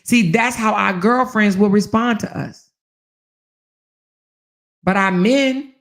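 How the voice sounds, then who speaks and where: A woman in her forties spins a personal story in a relaxed chat. Her voice has a gravelly edge. She acts out what was said and swears freely. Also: medium pitch. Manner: animated, acts out dialogue, swears. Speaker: host. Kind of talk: casual storytelling monologue.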